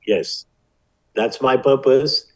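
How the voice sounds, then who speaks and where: A man in his seventies with an Indian accent, a physician telling his life story as a guest in an interview, measured and vivid. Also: mid-range voice, rough recording. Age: 70s.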